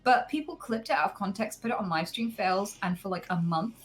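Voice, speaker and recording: A woman's voice: mid-range voice, expressive, fairly quick, rough recording. A woman telling a story in casual group chat, candid and swearing freely. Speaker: streamer guest.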